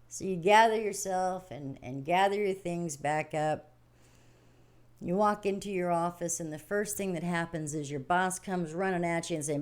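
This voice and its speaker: A woman's voice: on the low side, normal speed, darkish tone. An older woman hosting a livestream, talking casually about daily stress and spirit in a folksy, rambling way, acting out small scenes as she goes. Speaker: livestream host. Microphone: home livestream setup.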